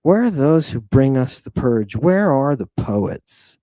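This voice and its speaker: A man hosting a dramatic lecture, swinging from hushed asides to ranting, and swearing freely. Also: mid-range voice, sing-song, slow, dry recording. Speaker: host lecturing on ancient texts. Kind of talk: dramatic lecture to an online audience.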